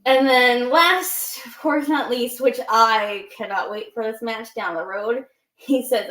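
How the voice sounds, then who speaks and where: A woman's voice: a little high, slow, a bit bright, roomy sound. A woman co-hosting a casual wrestling podcast, animatedly recapping promos and acting out quoted lines. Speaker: podcast co-host.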